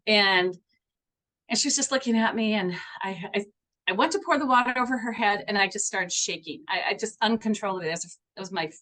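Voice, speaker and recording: This middle-aged woman speaks as a guest homeopath in a podcast interview. Her voice sits at an ordinary pitch. She tells stories earnestly and animatedly, often stopping to restart a phrase. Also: fairly quick, pushed and bright.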